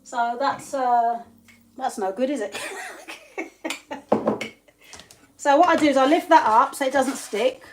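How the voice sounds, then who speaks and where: An English woman from England talks in a bright, high register as she runs a live cooking stream. Her delivery is loose and chatty, full of easy laughter and shout-outs to viewers. Soft clinks of pots and pans sit faintly behind her in a home kitchen. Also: slow pace, long pauses, slight background noise. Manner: chatty, laughs often, greets viewers by name. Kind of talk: casual live-stream chat while cooking. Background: pots and pans clattering faintly.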